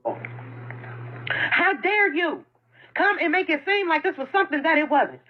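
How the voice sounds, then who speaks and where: A woman's voice: sits high, fast talker, a little hiss or hum. A woman who owns a food truck, speaking an impassioned and defensive statement in which she often repeats herself. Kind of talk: emotional self-made video statement. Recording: dull lo-fi phone audio.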